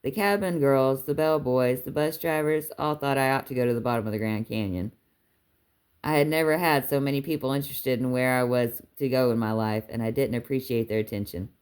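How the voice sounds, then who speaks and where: Southern woman, low voice, reads chapters aloud, unhurried. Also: darkish tone, clear, resonant tone. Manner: unhurried storytelling, lifts her voice for dialogue. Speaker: audiobook reader. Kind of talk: reading a book aloud.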